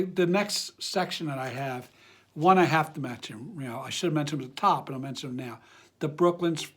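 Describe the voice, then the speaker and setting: A man's voice: a little high, a bit bright. A man hosting a fragrance channel, talking casually to camera in a friendly, rambling way with many fillers and restarts. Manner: friendly and enthusiastic.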